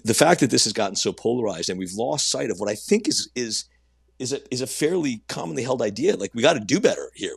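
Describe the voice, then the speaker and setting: A man, a company CEO guest, giving earnest answers in conversation with frequent halting restarts. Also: medium pitch, gravelly, slightly rough, no room sound, studio quality.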